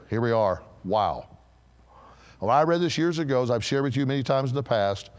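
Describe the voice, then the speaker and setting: A pastor preaching an animated sermon in a large church, asking the congregation questions and building to forceful emphasis. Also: male voice, medium pitch, normal speed, clean tone, long reverb tail.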